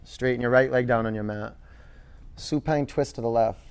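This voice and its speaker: A man leads a yoga class in a studio, cueing poses in a relaxed, loose way with plenty of fillers. His voice is gravelly with some creak and sits at a medium pitch. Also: normal speed. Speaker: yoga teacher.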